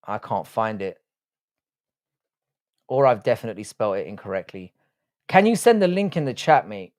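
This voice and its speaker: A man's voice: fairly low pitch, very animated, moderate pace, darkish tone. A young man hosting a casual livestream, reading the chat aloud and rambling with crude jokes. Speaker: livestream host.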